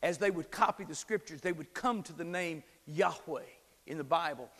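Male pastor, high voice, dynamic preacher: whispers, then shouts, leads call and response, big hall echo. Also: moderate pace. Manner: asks the congregation to repeat after him. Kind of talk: sermon. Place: church sanctuary. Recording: long hall reverb.

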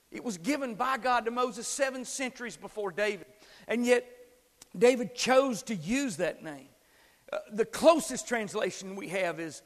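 A male pastor preaching a sermon, swinging from hushed whispers to loud, rising shouts and calling on the congregation to repeat after him. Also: very high voice. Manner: dynamic preaching, drops to whispers and builds to shouts. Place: church sanctuary. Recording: long hall reverb.

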